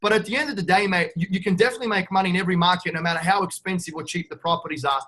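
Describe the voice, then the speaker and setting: A brash Australian man talks in a casual podcast interview, upbeat and blunt. His voice sits high for a man and has a bright, forceful edge. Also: racing. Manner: brash, upbeat, calls the host "mate". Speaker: guest real estate investor.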